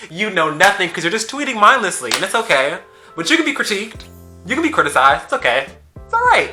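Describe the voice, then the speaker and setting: Sharp-voiced sassy male commentator. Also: high voice, sing-song, a little fast, faint music behind. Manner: emphatic, sassy, repeats rhetorical questions. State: mouth swollen after wisdom teeth removal. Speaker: YouTube commentator. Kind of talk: ranting social media commentary.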